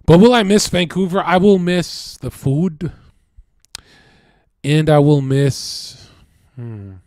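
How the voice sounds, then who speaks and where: A man's voice: slow, dry recording. Rambling, swearing young man, dry close sound. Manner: rambling and profane, swinging between loud bursts and low mutters. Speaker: streamer. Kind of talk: casual monologue.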